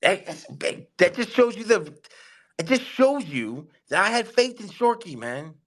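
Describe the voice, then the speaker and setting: A man hosting a casual live audio chat, hyped and excitable, giving slangy shout-outs to his listeners. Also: sits high, a little slow. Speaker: host of an online audio space.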